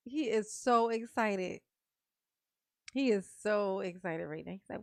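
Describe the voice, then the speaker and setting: A woman's voice: medium pitch, a little slow, long pauses, no room sound, clean studio sound. A woman streamer giving casual, teasing reaction commentary while she talks to her chat. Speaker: streamer reacting to a court livestream.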